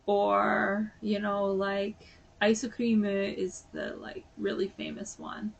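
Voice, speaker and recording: A woman's voice: medium pitch, monotone, slow pace, vocal fry, muffled recording. A woman vlogger chatting casually and sounding a bit sleepy, rambling with lots of fillers. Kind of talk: casual chat.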